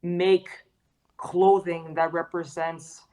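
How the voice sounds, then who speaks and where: A woman's voice: fairly low pitch, little pitch movement, slow pace, dark tone, poor audio. A young woman from Canada, a guest in a casual interview, talking loosely with lots of slang, fillers and swearing. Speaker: guest, fitness trainer and artist.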